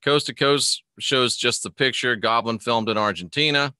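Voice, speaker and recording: A man's voice: mid-range voice, normal speed, bright, forceful tone, no room sound, studio quality. A man hosting a live online show in a casual, rambling way, reading a news article aloud, commenting on it and greeting chat viewers by name.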